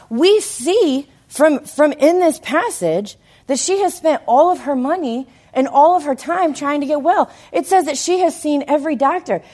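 Animated woman preacher, lively pitch. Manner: animated storytelling, emphatic, swings from loud to hushed. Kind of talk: sermon.

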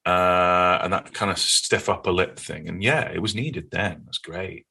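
A man with a Northern English accent, a guest in an interview, telling stories in an earnest, animated way. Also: low-pitched, measured pace, gravelly, slightly rough. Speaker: podcast guest. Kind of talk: conversational interview.

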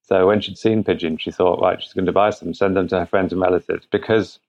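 Guy talking over a call, deep gravelly voice, stops and restarts a lot, sound a bit muffled. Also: fairly even intonation, a little mellow. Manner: thoughtful, halting, frequent restarts. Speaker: guest, product founder. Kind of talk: conversational interview answers. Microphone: remote internet call. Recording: muffled remote call audio.

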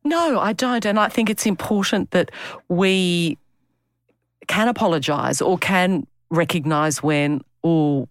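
A woman's voice: fairly low pitch, unhurried, dry recording, clean studio sound. A woman in her fifties hosting a podcast and interviewing a guest. She asks affirming, encouraging questions. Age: 50s. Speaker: podcast host.

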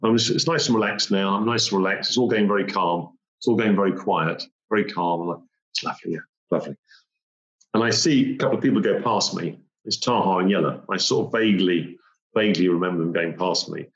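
A slightly low-voiced man races through a gripping story from his own life, repeating phrases and acting out the key moments. There's a roomy, somewhat muffled sound to the recording.

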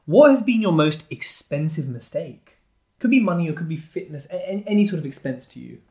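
A man with a London English accent, hosting a casual podcast and reading out listener questions in a relaxed, agreeable way. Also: on the high side, a little fast. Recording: roomy echoey room.

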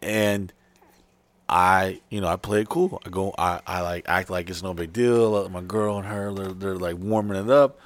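A man's voice: low-pitched, steady tone, moderate pace, no room sound. A man telling a crude story in casual chat, profane and rambling, full of fillers and restarts.

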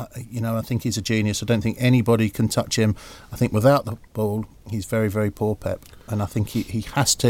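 A man's voice: lowish voice, darkish tone. A man, a former footballer, arguing his views bluntly in a studio football debate. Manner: blunt and argumentative.

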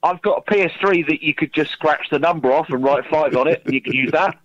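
A man's voice: a little high, quick pace, a bit bright, no room sound, highs cut off. A man calling in to a radio show, bantering jokily and putting on a Cockney-style voice. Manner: jokey, playful, tries out a put-on Cockney voice. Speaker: caller. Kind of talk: phone-in banter. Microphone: call line.

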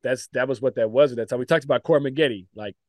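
A man, a former pro basketball player, telling lively stories in a casual podcast chat, with lots of "like" fillers and laughter. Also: mid-range voice, fast, no room sound, studio quality. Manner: animated storytelling, frequent "like" fillers and laughs.

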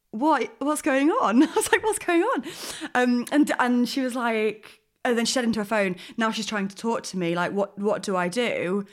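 Animated woman telling a story. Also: a little high. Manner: animated, rambling, lots of fillers. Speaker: podcast co-host. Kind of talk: casual chat, storytelling.

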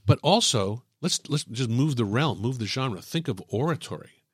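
A man teaching writing, talking thoughtfully and illustrating each point with examples in a relaxed podcast chat. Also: mid-range voice, moderate pace, husky, no echo, studio quality. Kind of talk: explaining on a podcast.

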